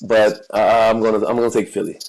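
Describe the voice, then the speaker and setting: A podcast co-host from the United States keeps things casual, covering football and celebrity news and often repeating words as he searches for what to say. His voice runs on the low side, a little mellow, brisk, with fairly even intonation. It's a low-quality recording.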